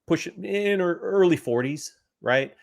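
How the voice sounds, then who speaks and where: A man in his forties, a podcast co-host and father, telling a story in an animated, exasperated way. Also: sits high, vocal fry. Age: 40s. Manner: animated, exasperated storyteller, talks fast in bursts. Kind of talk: casual storytelling chat.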